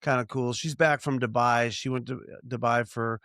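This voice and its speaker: An older man co-hosting a podcast, chatting casually and rambling through stories with plenty of restarts. His voice is gravelly and mid-pitched. The sound is dry and close. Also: fairly even intonation, moderate pace, a bit bright, dry recording. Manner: rambling storyteller with many restarts and fillers. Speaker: podcast co-host. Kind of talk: casual chat.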